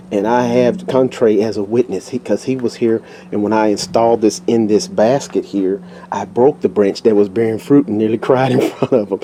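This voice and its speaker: A man with a Texan accent walks through his sunny garden with a handheld camera, talking eagerly and tripping over his words. His voice is mellow and relaxed, with faint background noise outdoors. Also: fairly low pitch. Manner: excited, repeats himself, stumbles over words. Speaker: home gardener showing his plants. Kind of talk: casual walk-through vlog.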